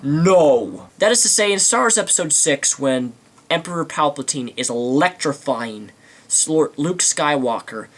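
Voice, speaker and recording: A man's voice: fairly high pitch, lively intonation, a little slow, a bit bright. A man giving a ranting movie commentary, indignant and mocking, with theatrical flourishes. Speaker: video commentator.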